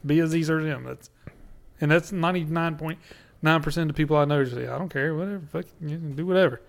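A man's voice: a little high, steady tone, quick pace, gravelly. A man co-hosting a casual podcast, blunt and offhand, chuckling often. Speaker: podcast co-host. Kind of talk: casual chat.

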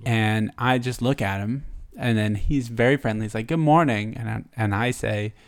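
A man's voice: fairly low pitch, fairly even intonation, normal speed. A man co-hosting a casual chat, telling an anecdote with frequent laughter. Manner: storytelling, laughs often.

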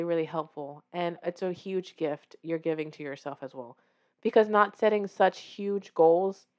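A woman author hosting her own show, talking casually and encouragingly to the listener and acting out her own reactions as she tells her story. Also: fairly low pitch. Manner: warm, encouraging, directly addressing the listener. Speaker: author and podcast host. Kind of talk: casual motivational talk.

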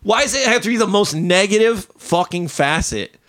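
A man's voice: high voice, expressive, moderate pace, a bit bright. Profane, fired-up ranting podcast man. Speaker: podcast host. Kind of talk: casual podcast chat.

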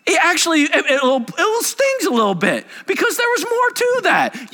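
Male pastor mid-sermon; emphatic, joking delivery, bright forceful tone, wide swings in pitch. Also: in a large hall.

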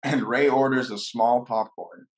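A man with a middle-pitched, everyday voice tells a story in an easy, casual way. He laughs often and acts out the quoted lines as he goes. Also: fairly even intonation, measured pace. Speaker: guest.

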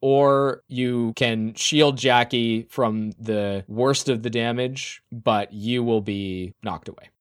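A man's voice: medium pitch, fairly even intonation, slow pace, few pauses, smooth. A man narrating vividly and wryly as game master of a tabletop game.

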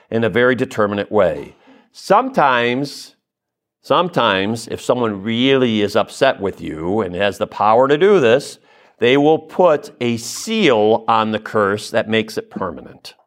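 A man delivers a spiritual teaching in a conversational way. He speaks to his listeners directly and drops in frequent asides and "okay?" checks. His voice sits at an ordinary middle pitch. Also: expressive, a little slow. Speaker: Catholic teacher or preacher. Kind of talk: spoken teaching talk.

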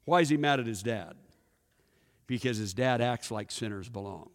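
A pastor giving a sermon, telling a story and putting questions to the congregation. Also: male voice, medium pitch, moderate pace. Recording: echoey hall with long reverb.

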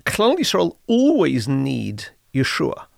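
A man, explaining history in a measured, informative podcast conversation. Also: mid-range voice, huge pitch swings, vocal fry, dry recording, studio quality. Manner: measured, informative, uses Hebrew terms. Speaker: history podcast guest expert.

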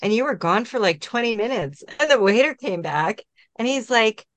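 A woman's voice: fairly high pitch, animated, normal speed, a bit bright, dry recording. A woman co-hosting a podcast in casual chat, giggling often and retelling moments with animation. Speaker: podcast co-host.

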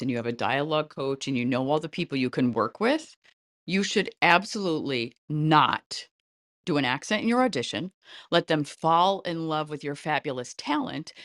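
A middle-aged woman speaks as a casting director in an interview, animated and talkative, with light laughs running through her advice. Her voice sits a little low for a woman. The recording is dry and close, with no room sound. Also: no echo. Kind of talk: interview answers, giving advice.

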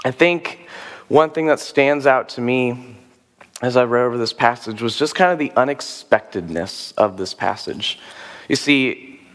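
Hoarse pastor in a reverberant church. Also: male voice, mid-range voice, measured pace, a bit bright. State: hoarse after a nap. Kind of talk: sermon teaching. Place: church sanctuary.

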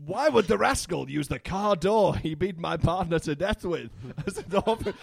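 A man's voice: sits high, expressive, moderate pace, gravelly, slightly rough, full character voice. A man voicing a hot-headed male duck detective out for vengeance, talking in outbursts and exclamations. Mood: outraged.

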